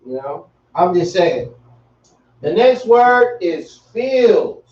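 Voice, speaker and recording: Male teacher, high voice, casual and slangy, recorded from across a dull room. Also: drawn-out words. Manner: relaxed, slangy, repeats himself. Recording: echoey, distant, dull room sound.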